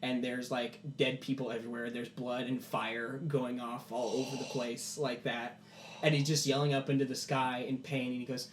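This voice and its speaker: A man runs a tabletop game, narrating scenes with animated, casual storytelling. His voice sits at an average pitch. The recording is roomy, with a faint hum behind him. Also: normal speed. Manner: animated storytelling, many "like" fillers. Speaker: game master.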